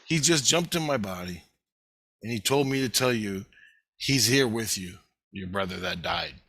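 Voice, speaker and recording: Lively, profane man telling a story. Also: lowish voice, moderate pace, no room sound. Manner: rambling, profane, repeating phrases. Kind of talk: casual storytelling.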